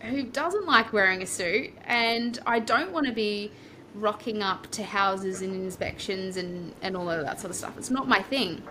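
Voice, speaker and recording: A woman's voice: medium pitch, expressive, measured pace, pushed and bright, slight background noise. An Australian woman, a podcast guest, telling her story in a chatty, rambling way and acting out her own past thoughts. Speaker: podcast guest, property coach. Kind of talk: casual storytelling interview.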